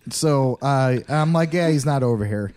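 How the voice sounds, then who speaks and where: A man's voice: medium pitch, normal speed, a little mellow, slight background noise. A man co-hosting a podcast, telling a rowdy story in casual chat, swearing often and laughing through it. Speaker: podcast co-host.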